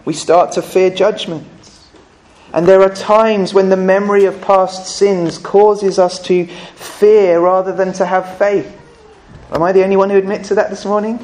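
A man with a notably high voice delivers a Sunday sermon. He speaks earnestly and conversationally, often stopping to ask his listeners questions. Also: flat delivery, moderate pace, darkish tone. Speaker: pastor.

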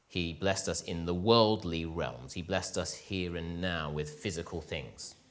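Male preacher, lower voice, very lively swings between loud emphasis and quiet asides. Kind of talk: sermon.

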